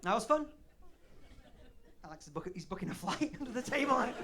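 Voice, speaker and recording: A man's voice: extremely high pitch, very animated, a little fast, pauses often, a bit bright. A man in his late thirties with a Leeds accent, doing a flamboyant, self-mocking stand-up set on a comedy club stage. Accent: Northern English, Leeds. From Leeds, north of England. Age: 30s.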